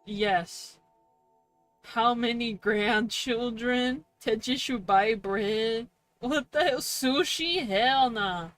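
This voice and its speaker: Drawing out her words in a fairly high, fairly bright voice, a woman talks over faint music. She's a VTuber streaming a game, laughing a lot, cursing freely and talking to chat in a relaxed way.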